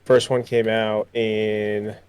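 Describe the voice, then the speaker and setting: A man's voice: lowish voice, little pitch movement, takes it slowly, darkish tone, smooth. A man co-hosting a podcast, chatting casually and offhandedly about movies. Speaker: podcast co-host.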